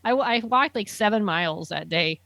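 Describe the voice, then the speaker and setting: A woman's voice: mid-range voice, lively intonation, brisk, gravelly, fairly bright tone, dry recording. A woman chatting casually, telling an enthusiastic story full of fillers like "um" and "like". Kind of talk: casual chat.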